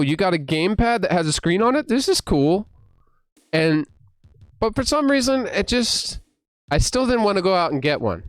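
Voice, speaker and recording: Excitable man telling a gaming story. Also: clear, resonant tone, dry recording. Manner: excitable, acts out his own past surprise in loud high bursts; rambling with many fillers and restarts. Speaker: gaming vlogger. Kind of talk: casual storytelling monologue.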